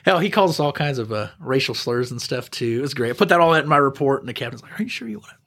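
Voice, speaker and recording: Husky fast-talking man telling stories. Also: medium pitch, animated, a bit bright. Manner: rambling, laughs while telling stories. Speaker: police officer guest. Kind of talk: casual storytelling.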